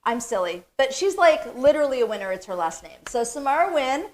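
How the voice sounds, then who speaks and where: A woman's voice: sits high, fairly quick. Effusive woman CEO hosting a live stream. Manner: emotional, effusive, with bursts of excitement.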